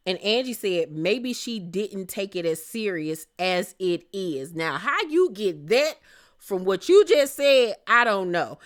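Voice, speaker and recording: Sassy woman recapping reality TV. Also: mid-range voice. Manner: sassy, animated, laughs and exclaims. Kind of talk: casual recap commentary.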